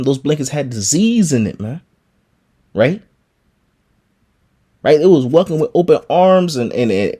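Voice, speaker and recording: A man's voice: medium pitch, warm tone. Man preaching with constant "right?" tags. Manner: tags nearly every phrase with "man" and "right?"; stammers and repeats words while searching. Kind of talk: informal scripture teaching.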